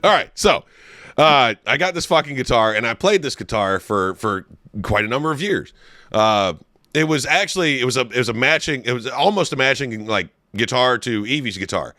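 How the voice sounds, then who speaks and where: Animated, bright-voiced podcast guy. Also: medium pitch, normal speed, no echo, studio quality. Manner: animated storyteller, swears a lot, breaks into laughs. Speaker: podcast co-host. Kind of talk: crude comedic podcast banter.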